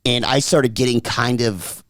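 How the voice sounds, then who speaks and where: A man's voice: medium pitch, a little slow, no room sound, clean studio sound. A young man co-hosting a podcast, telling a long story in casual chat and acting out the voices of the people in it. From South Dakota, US. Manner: animated storyteller, acts out voices, laughs often. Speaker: podcast co-host.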